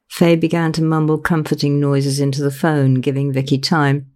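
A woman narrating her own novel in a measured, unhurried reading. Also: low voice, level tone, darkish tone. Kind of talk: audiobook narration.

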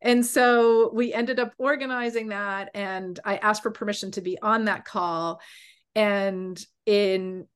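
Woman host, lively personal storytelling, mid-pitched voice, acts out the people she quotes. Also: slow, clear, resonant tone. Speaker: coach and podcast host.

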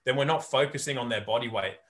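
A male guest on a podcast talks in a relaxed, reflective way and often tells anecdotes. He coaches people and speaks conversationally at a middle pitch. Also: quick pace. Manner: storytelling, reflective.

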